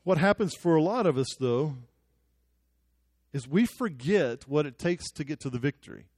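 A man's voice: a little high, lively intonation, normal speed, darkish tone, no echo. A young man preaching a sermon, telling the story with jokes and acted-out quotes. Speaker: pastor.

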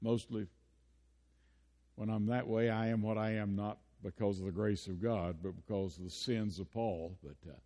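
A man's voice: fairly low pitch, steady tone, moderate pace, mellow. An older man preaching a sermon, telling folksy personal stories and building into impassioned preaching. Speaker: pastor. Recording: long hall reverb.

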